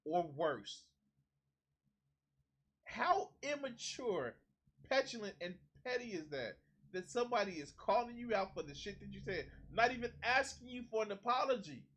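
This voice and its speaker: Indignant, bright-voiced man ranting. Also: high voice, expressive, normal speed. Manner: indignant, profane, mocking. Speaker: streamer reacting to a clip. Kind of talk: heated reaction commentary.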